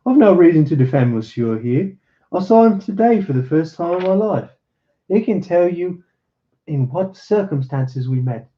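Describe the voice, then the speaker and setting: A bold, cunning young swordsman with a fairly high, emphatic voice, as a man reads him. He sounds raised and commanding. The recording is dull and lo-fi. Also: expressive, normal speed, echoey room, close to an everyday voice.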